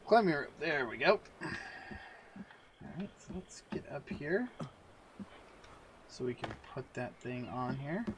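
A man talks through a survival game at a slow, unhurried pace, half to himself, his voice kept low as he crafts and builds. Game ambience runs clearly underneath him on a plain desk mic. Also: lively intonation, background noise. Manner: muttering to himself while crafting, quiet and unhurried. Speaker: gameplay commentator. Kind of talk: casual let's-play commentary.

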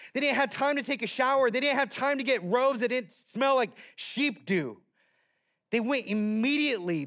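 A man, a pastor, preaching a sermon in an animated storytelling way, slipping into playful character voices. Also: sits high.

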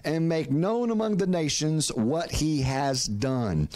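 A man's voice: on the high side, animated, takes it slowly, darkish tone. A middle-aged man preaching a sermon as pastor, calling on the congregation to repeat words, often restarting phrases. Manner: preaching with call-and-response prompts to the congregation.

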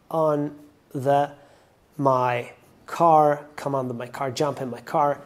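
Slow-paced Italian-accented man teaching. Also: a little high, darkish tone. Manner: careful, step-by-step explaining. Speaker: language teacher. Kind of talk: explaining song lyrics to learners.

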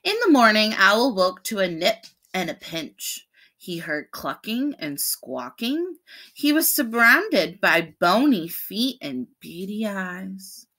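A woman's voice: mid-range voice, takes it slowly. A woman, a preschool teacher, reading a picture book aloud to children and explaining the pictures as she goes. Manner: explains the pictures between pages, animated.

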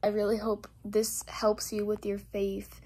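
A young woman in a casual vlog who shares a faith testimony and then leads a spoken prayer. She talks earnestly, repeats her phrases and drops to soft whispers as she prays. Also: mid-range voice, completely flat delivery, a little slow, slightly rough. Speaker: vlogger sharing a faith testimony.

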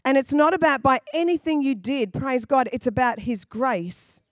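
A woman's voice: high-pitched, lively intonation, normal speed, no room sound. A woman pastor from England preaching a sermon in a conversational, storytelling way, acting out quoted voices. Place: church.

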